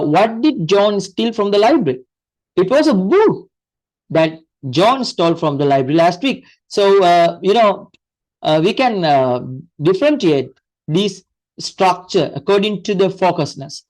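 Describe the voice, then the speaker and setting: A man's voice: sits high, a little mellow, low-quality recording. A man teaching an English grammar lesson, explaining step by step with frequent fillers, restarts and repeated examples.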